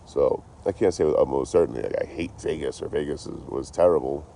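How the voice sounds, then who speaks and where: A very low-voiced man from around Boston rambles through a casual, swear-filled livestream. His tone is dark and mellow, recorded on a phone outdoors with faint vehicles passing. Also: a little fast, gravelly, slight background noise. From Boston area, US. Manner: rambling, profane, laid-back. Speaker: traveling livestreamer. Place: outdoors behind a store.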